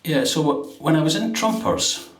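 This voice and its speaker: A man's voice: fairly high pitch, expressive, a little slow, distant mic. A man with a London accent chatting casually while he shaves, rambling through an anecdote with the odd laugh. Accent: London English. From England. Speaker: shaving vlogger. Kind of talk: casual talk while shaving. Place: bathroom at a sink with running water. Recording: echoey bathroom, voice off-mic. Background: running tap water and splashing.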